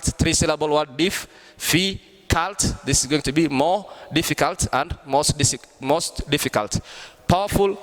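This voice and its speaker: Male teacher, higher pitch, patient and repetitive, long reverb. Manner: explains slowly, repeats and restarts often. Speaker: English teacher. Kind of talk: online grammar lesson.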